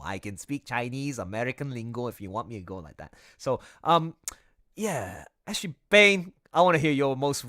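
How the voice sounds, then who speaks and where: Excitable male streamer, bright tense voice, laughs a lot, breaks off mid-thought. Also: a little high. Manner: excitable, laughs often, trails off mid-sentence. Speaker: streamer and artist. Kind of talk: casual livestream chat.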